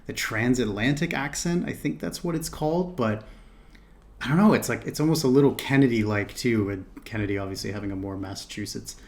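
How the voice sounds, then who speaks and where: A man hosts a reaction video in casual commentary. He thinks aloud, hesitating and correcting himself as he goes. His voice sits a little low. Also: fairly quick, hardly any pauses, a little mellow.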